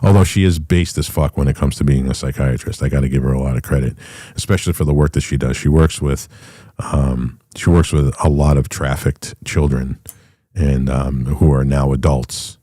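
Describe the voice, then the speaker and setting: A man's voice: very deep voice, fairly even intonation, normal speed, mellow, dry recording, clean studio sound. A middle-aged man hosting a podcast, rambling through a casual, profane monologue full of restarts. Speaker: podcast host.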